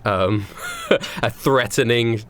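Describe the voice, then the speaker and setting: A man's voice: medium pitch, takes it slowly, fairly bright tone, slight background noise. Man narrating a tabletop game. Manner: casual, rambling with fillers. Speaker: game master.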